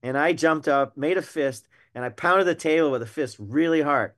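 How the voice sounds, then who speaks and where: A man's voice: on the high side, normal speed. An older man, a retired wildlife biologist telling stories emphatically as a podcast guest. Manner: animated anecdotal storyteller, emphatic. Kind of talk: storytelling in a podcast interview.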